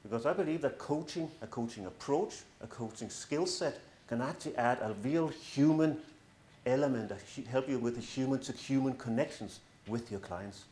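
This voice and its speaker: A man's voice: mid-range voice, normal speed, a little mellow. A middle-aged man speaking as a coach to an audience, earnest and persuasive, with a touch of self-mocking humor. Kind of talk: presentation to an audience. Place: large room in front of an audience. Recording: echoey room.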